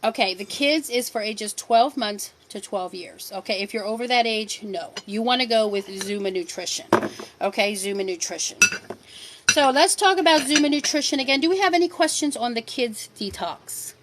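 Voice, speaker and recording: A woman's voice: on the high side, moderate pace, noisy background. A middle-aged woman hosting a casual live stream, answering viewer questions in a firm, direct way and repeating her key points for emphasis. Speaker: livestream host selling supplements.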